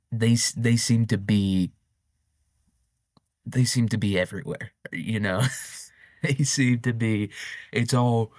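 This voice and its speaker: A man's voice: lowish voice, no echo, clean studio sound. A man hosting a show, rambling through a casual, irreverent comic monologue and often laughing. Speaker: podcast host.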